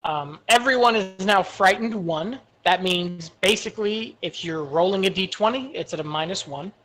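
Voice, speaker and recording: A woman's voice: medium pitch, normal speed, fairly bright tone. A woman running a tabletop game as game master, narrating monster attacks with hesitant fillers. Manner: descriptive, hesitant with many fillers.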